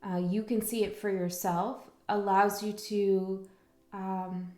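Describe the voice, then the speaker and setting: A woman's voice: mid-range voice, little pitch movement, slow, a little mellow, reverberant. A woman giving a tarot reading in a rambling, reflective way, full of fillers and restarts. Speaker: tarot reader. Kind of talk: casual spiritual monologue.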